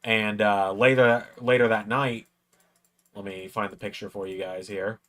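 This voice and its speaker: A man's voice: on the low side, fairly even intonation, measured pace, a bit bright. A man hosting a watch-along, telling a long personal story in a casual, rambling way from a room at home. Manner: rambling anecdote, acts out quoted lines in a raised voice.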